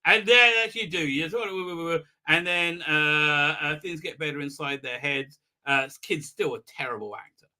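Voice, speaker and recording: Bright-voiced man mockingly recapping a show. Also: a little high, moderate pace. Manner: mocking, acts out quotes in funny voices, many fillers and restarts. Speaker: host recapping a TV episode. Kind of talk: casual live-stream recap.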